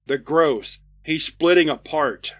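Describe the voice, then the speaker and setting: A man's voice: a little high, slow pace. A man voicing a nervous field doctor who speaks hesitantly.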